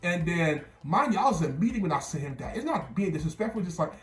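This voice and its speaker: A man's voice: sits high, sing-song, fast, roomy sound. A young man from New Jersey telling a casual story to his viewers, rambling and slangy, often restarting and repeating words.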